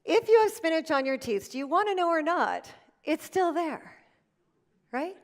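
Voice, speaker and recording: A woman's voice: high voice, big-room sound. A middle-aged woman giving a motivational talk to an audience, emphatic and storytelling, repeating her key phrases. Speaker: keynote speaker. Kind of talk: motivational speech. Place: event stage before an audience.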